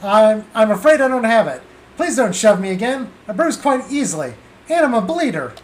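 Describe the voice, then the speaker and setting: A streamer puts on a slick, crooked male gambler with a fake folksy drawl who keeps calling everyone "son". The voice swoops up and down with lively, animated pitch. A faint hiss of noise sits under the read game dialogue. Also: normal speed, close to an everyday voice. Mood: whiny. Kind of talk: reading game dialogue aloud.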